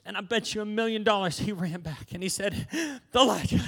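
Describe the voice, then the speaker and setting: A male preacher telling a story in his sermon and pressing it on his listeners. His voice sits high and rings bright, and he drives his points with steady emphasis. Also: fairly quick.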